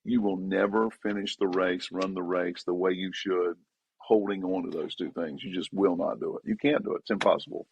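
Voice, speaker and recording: Gravelly pastor, emphatic. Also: male voice, steady tone, normal speed, a little mellow, no room sound. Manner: emphatic, repetitive, rising pitch when stressing points. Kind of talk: casual podcast conversation.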